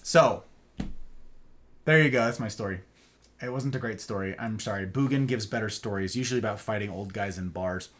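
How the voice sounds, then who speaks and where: A man hosting a livestream, telling a rambling, self-mocking story in a casual, animated way. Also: on the low side, fairly quick. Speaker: livestream host.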